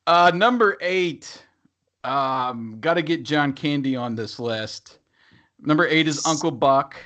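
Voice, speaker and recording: A man's voice: fairly high pitch, lively intonation, takes it slowly, fairly bright tone. A man co-hosting a podcast, chatting casually about movies and rambling through fillers and restarts. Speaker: podcast co-host. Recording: dull lo-fi sound.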